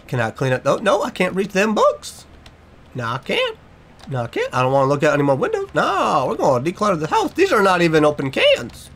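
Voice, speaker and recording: A young man talks his way through a horror game. His commentary is jokey and nervous. His voice sits on the high side for a man and swings widely in pitch. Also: wildly swooping pitch, brisk, fairly bright tone. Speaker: gaming YouTuber.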